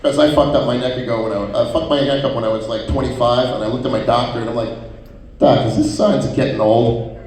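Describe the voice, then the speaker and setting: A man's voice: mid-range voice, fairly even intonation, fast talker, darkish tone. Profane stand-up man in a roomy venue. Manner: profane storytelling with many acted-out quotes. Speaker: stand-up comedian. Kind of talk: stand-up comedy set. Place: live comedy venue. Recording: roomy venue sound from far off.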